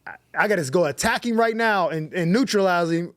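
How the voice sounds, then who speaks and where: Pittsburgh guy, comedian spinning a story, lots of cussing and slang, kinda high voice, dry mic. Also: quick pace, dry recording. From Pittsburgh, USA. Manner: animated, profane, slangy storytelling. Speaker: comedian guest. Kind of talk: comedic storytelling on a talk show. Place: studio.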